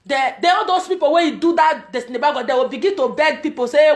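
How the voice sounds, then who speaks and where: Very high-voiced Nigerian woman ranting. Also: fast talker. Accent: Nigerian Pidgin. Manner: emphatic, repetitive, loud outbursts. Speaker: vlogger. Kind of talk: ranting commentary.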